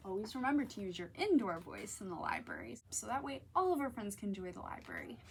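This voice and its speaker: A woman's voice: medium pitch, fast, gravelly, slight background noise. A woman librarian reading a picture book aloud at children's story time, talking to the kids directly. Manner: animated, talks to children directly.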